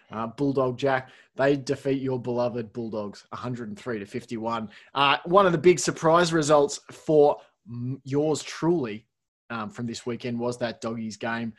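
Lively man hosting a sports podcast. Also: mid-range voice. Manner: lively, reads scores with wry asides. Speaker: podcast host. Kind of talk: casual sports podcast chat.

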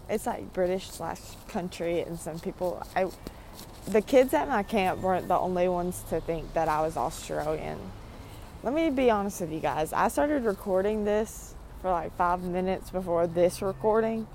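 A woman's voice: fairly low pitch, expressive, unhurried, a little mellow, slight background noise. A young woman in her twenties vlogging a casual, meandering monologue full of "like" while pacing outside in a parking lot, talking into her phone.

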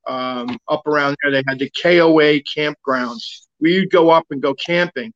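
A man's voice: a little high, normal speed, fairly bright tone, lo-fi sound. A man guest telling a long personal story in casual talk, rambling with lots of fillers and restarts.

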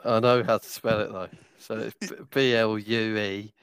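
Laid-back deadpan young man. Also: lowish voice, moderate pace, smooth, no room sound. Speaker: podcast co-host. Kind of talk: casual banter.

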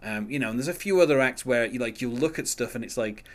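A man's voice: medium pitch, lively intonation, quick pace. Man rambling casually about music. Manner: rambling, many fillers and restarts, laughs often. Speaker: podcast host.

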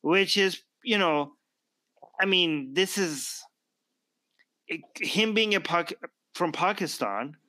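A man hosting a podcast, talking in a lively, argumentative way and asking pointed rhetorical questions. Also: sits high, takes it slowly, pauses often, dry recording. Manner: animated, laughs often, rhetorical questions. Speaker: podcast host. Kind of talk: casual debate chat.

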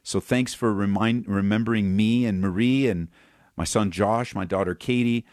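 A man, a pastor, giving a relaxed holiday greeting and thanks on a radio program. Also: on the low side, normal speed, dry recording, studio quality.

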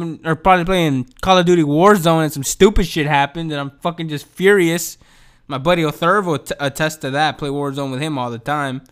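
Podcast host, male. Pitched a bit high, cusses freely, rambles, and swings between mumbling and loud fired-up bursts. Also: fairly quick, smooth. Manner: profane, rambling, swings from mumbling to excited outbursts. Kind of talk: casual solo podcast rant. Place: home.

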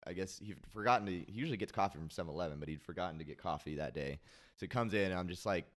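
A man's voice: low-pitched, racing, a bit bright. A man speaking as a guest in casual chat, telling a long story loosely with many fillers and some swearing. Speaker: podcast guest.

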